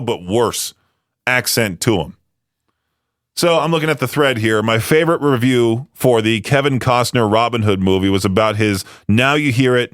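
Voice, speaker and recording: A man's voice: mid-range voice, a bit bright, dry recording. A man hosting a radio show in a studio, chatting casually with lots of fillers and self-deprecating asides. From United States. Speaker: radio host.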